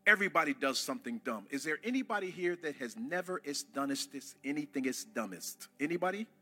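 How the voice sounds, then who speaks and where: A man preaching a sermon to a church congregation, impassioned, rising to shouts and calling on the crowd to answer. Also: on the high side, expressive, a little fast, husky. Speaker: pastor.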